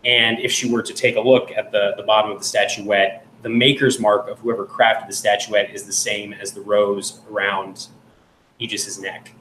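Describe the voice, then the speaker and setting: A man narrating a tabletop game as game master, describing scenes slowly and in detail. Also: fairly low pitch, flat delivery, a bit bright, reverberant, slight background noise, poor audio.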